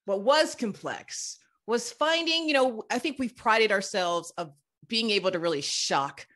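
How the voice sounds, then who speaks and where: A woman hosts a podcast in a playful, giggly way. Her pitch swings widely and her delivery stays animated as she fires questions at her guest. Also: a little slow. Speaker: podcast host. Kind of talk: casual interview chat.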